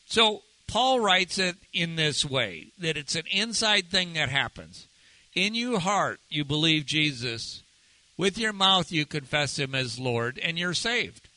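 A male pastor delivers a sermon in an earnest, measured way, drawing out the words he wants to land. His voice is sharp and very bright, a little higher than most men's, and it sounds close and dry. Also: dry recording, low-quality recording. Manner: earnest, measured, slows down to stress key phrases.

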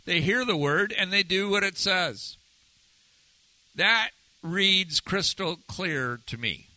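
A man leads a relaxed Bible lesson, moving between reading and casual commentary. His voice is very bright and sits slightly high for a man, and the sound is close and dry with no room echo. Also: slow pace. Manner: conversational, animated when retelling. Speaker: Bible study teacher. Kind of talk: informal sermon teaching.

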